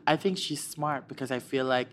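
A man's voice: mid-range voice, moderate pace, fairly bright tone. Chatty man from Florida, guest storyteller. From United States, Florida. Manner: chatty, rambling, acts out quoted dialogue. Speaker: guest, beauty creator. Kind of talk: casual interview chat.

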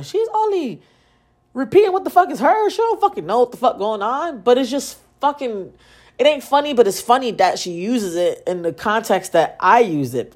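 Young woman podcaster, casual solo storytelling, profane and slangy, with a lively swinging pitch. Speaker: podcast host.

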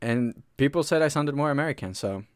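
A man's voice: a little high, animated, fairly quick, smooth, no echo. A man from Colombia with a Colombian accent, co-hosting a podcast in casual, dry banter. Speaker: podcast co-host.

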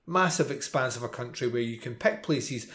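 A man's voice: medium pitch, lively intonation, normal speed, a bit bright. A man with a Scottish accent chatting casually as a podcast host, rambling with many fillers and restarts. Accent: Scottish, central belt near Glasgow and Edinburgh. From Scotland. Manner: rambling, lots of fillers and restarts, laughs easily. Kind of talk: casual chat.

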